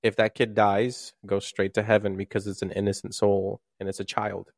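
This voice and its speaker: Low-voiced man musing on hypotheticals. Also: level tone, moderate pace, vocal fry, dry recording, clean studio sound. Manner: builds hypotheticals, thinks out loud. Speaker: podcast co-host. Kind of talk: casual debate.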